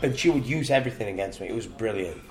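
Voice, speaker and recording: A man's voice: lowish voice, lively intonation, very fast, faint music behind. An older man telling stories in casual podcast chat, crude, profane and joking. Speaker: guest storyteller.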